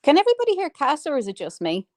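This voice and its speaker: A woman's voice: sits high, wildly swooping pitch, very fast, dry recording, studio quality. A woman hosting a livestream in casual chat, blunt and sweary, calling her guests love and darling. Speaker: livestream host. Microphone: video call.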